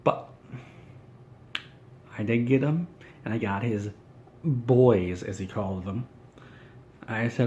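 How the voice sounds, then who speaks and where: A man's voice: mid-range voice, unhurried, pauses often, warm tone. A man doing an in-character comedy monologue, ranting in an indignant, whiny, self-important way.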